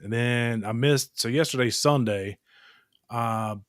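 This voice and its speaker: A man's voice: mid-range voice, slow pace, no room sound, studio quality. A man hosting a podcast, telling a story in casual chat with blunt, profane language and lots of fillers. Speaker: podcast host. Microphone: podcast microphone.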